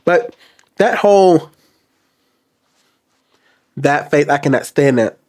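A man commenting on a video clip to his viewers, jumping between loud outbursts and low, quiet asides. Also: lively intonation, takes it slowly. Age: adult. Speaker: reaction commentator. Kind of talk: casual commentary to camera.

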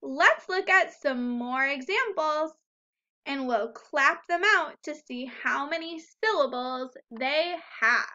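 A woman leads a recorded phonics lesson for first graders, speaking very slowly and sounding out each word and syllable. Her voice is high and bright. The recording is dull and lo-fi. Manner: slow, deliberate, sounding out words and syllables.

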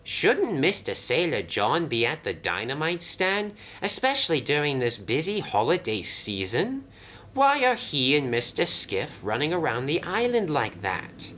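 A man's voice: huge pitch swings, measured pace, pushed and bright, heavily acted. A man voicing a polite, fretful little male brake van in a toy train story. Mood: alarmed. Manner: anxious, very polite, high and breathy.

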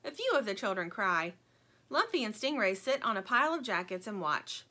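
A woman narrating a children's book in an expressive, playful storytelling manner. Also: medium pitch, moderate pace. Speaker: audiobook narrator.

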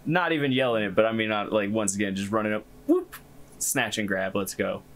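A man's voice: lowish voice, fast talker, a bit bright, slight background noise. Laid-back man running a tabletop game. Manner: loose and joking, laughs often. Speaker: game master. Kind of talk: casual tabletop game narration.

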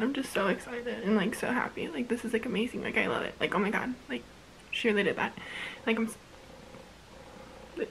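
A young woman vlogger reacting excitedly at home, gushing and repeating herself with lots of fillers in casual chat. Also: medium pitch, a little hiss or hum, low-quality recording.

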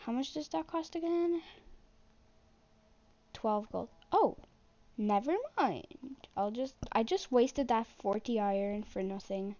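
A young woman commenting on her own gameplay in a flat, self-deprecating way, muttering to herself as she plays. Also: fairly high pitch, slow pace, pauses often, lo-fi sound. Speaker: gaming channel host.

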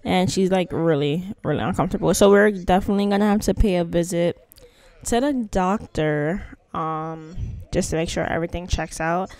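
Smooth-voiced woman chatting over gameplay. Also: lowish voice, moderate pace, darkish tone, no room sound. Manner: chatty and playful, with slangy asides. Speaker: gaming channel host. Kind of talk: casual gameplay commentary.

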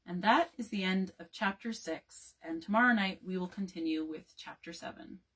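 A woman librarian reading a chapter book aloud as a bedtime story, with calm, expressive narration. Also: on the low side, moderate pace, husky.

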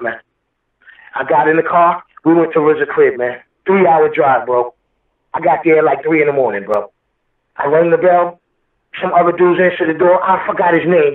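A man tells a long story in an interview, emotional and rambling, swearing as he goes. His voice sits high. The sound is tinny like a phone line, echoey and a little far from the mic. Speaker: guest rapper.

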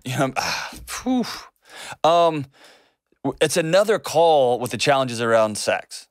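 An earnest man hosts a relationship advice show in a dry, close studio sound. His voice sits at a middle pitch. He talks with emphasis and acts out the lines he quotes. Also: expressive, slow pace, long pauses, no echo. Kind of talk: casual on-air advice and chat.

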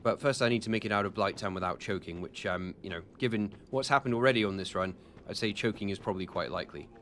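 Low-voiced British streamer chatting casually. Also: male voice, fast, a bit bright, a little hiss or hum. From United Kingdom. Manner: rambling, self-deprecating, answers chat questions with many fillers. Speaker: gaming streamer. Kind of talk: casual live-stream commentary while playing.

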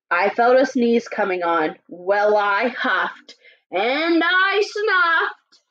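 A woman's voice: a little high, full character voice. A woman reading as a sly, chatty storybook wolf. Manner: lively, storytelling, playfully indignant. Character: sly, chatty male wolf telling his side. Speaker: teacher. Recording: dull lo-fi recording.

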